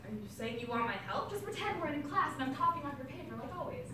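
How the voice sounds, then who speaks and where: A woman's voice: high-pitched, expressive, quick pace. A woman playing playful teenage girl students who banter with each other. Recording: distant echoey noisy room.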